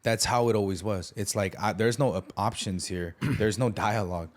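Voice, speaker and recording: A man's voice: on the low side, moderate pace. A man telling his life story candidly as a podcast guest, using street slang and acting out the voices he quotes.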